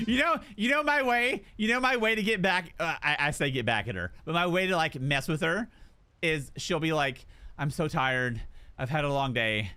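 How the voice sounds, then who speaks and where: A young man streaming a game and talking casually to his viewers. He tells jokey stories, acting out voices as he goes, and his voice is high and swings widely in pitch. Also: normal speed, long pauses, soft background music. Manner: animated storyteller who acts out voices and jokes. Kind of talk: casual live-stream chat.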